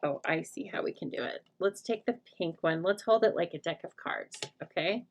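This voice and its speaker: A middle-aged woman with a lowish voice shows off a stamping craft at a normal speed in a live crafting tutorial. She chats, jokes with her viewers, and thinks aloud as she works.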